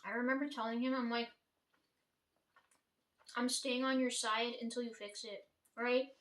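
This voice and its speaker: A young woman talks casually, swearing freely and tagging "right?" onto her sentences. Her voice sits a little high and stays fairly flat in pitch. She is heard from some distance in an echoey room. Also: normal speed. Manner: rambling, profane, many "like" and "right?". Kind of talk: casual dream retelling. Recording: echoey room, voice far from mic.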